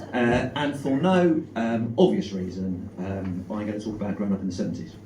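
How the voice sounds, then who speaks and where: A middle-aged man with a South London accent, doing a stand-up comedy set. He is deadpan and self-deprecating, with lots of ums and uhs. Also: fairly low pitch, fairly quick. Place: comedy club stage with live audience. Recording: echoey room, mic far off, noisy.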